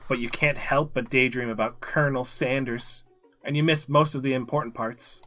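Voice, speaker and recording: A man streaming a dating game, reading its narration aloud in a playful, lively way. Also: medium pitch, moderate pace.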